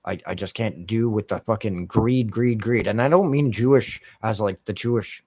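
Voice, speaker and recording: Man, American, low voice, dry sound, swearing, rambling gameplay rant. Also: moderate pace, a little mellow, no echo. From United States. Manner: heavily profane, heated ranting. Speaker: gaming streamer. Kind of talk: rambling commentary over gameplay.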